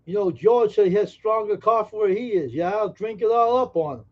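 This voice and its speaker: A man's voice: high-pitched, fairly quick, muffled recording. A man hosting a casual live stream, joking brashly and teasing viewers in chat. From Massachusetts.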